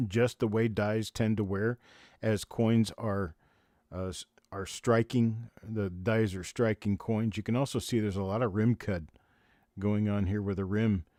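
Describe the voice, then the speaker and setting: A man running a live coin auction, chanting bid after bid in quick repeated calls and pausing to explain the coins. His voice is low and mellow, recorded close and dry with no room sound. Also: no echo. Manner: rapid repetitive auction calling of bids. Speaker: auctioneer host.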